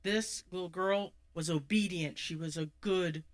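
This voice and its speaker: A speaker at a live charity event retelling a Bible story in a conversational way, with shifts in pace and loudness and asides to the audience. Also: medium pitch, a little slow.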